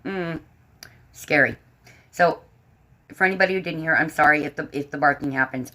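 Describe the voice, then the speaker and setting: A woman's voice: deep voice, moderate pace, sharp tone, low-quality recording. A woman hosting a casual livestream from home, chatting to her viewers and her dogs. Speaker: livestream host. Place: home room. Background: dogs barking.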